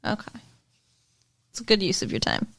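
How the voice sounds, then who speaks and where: A woman's voice: normal speed, fairly bright tone. A woman co-hosting a podcast in casual chat, playful and wry. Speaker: podcast co-host.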